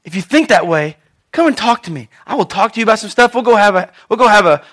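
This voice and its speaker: Bright, high-pitched man preaching. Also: fast talker. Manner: animated storytelling with playful voices for the figures; jokey and lively, laughs often. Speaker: pastor. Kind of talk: sermon.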